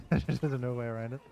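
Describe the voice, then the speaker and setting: A man's voice: mid-range voice, creaky, darkish tone, dull audio. A man chatting casually while playing a game, swearing freely and laughing often. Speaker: gamer. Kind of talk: casual gaming chat.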